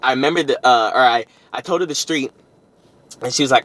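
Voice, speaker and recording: A young man in the middle of a storytime vlog, talking in a loose, rambling way. His voice sits at an ordinary middle pitch for a man, and he keeps stopping to restart and correct himself as he goes. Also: fairly quick, a bit bright. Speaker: vlogger.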